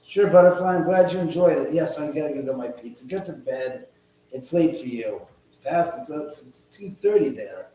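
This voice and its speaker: A man's voice: on the high side, expressive, moderate pace, dark tone. A man hosting a live stream from home, casually rambling, joking and reading chat aloud. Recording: echoey room with faint hum.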